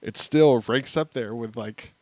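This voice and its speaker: A man's voice: medium pitch, unhurried, dry recording. A man in his thirties co-hosting a podcast, telling a family story and acting out the voices. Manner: animated storyteller acting out quotes. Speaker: podcast co-host. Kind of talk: casual chat, storytelling.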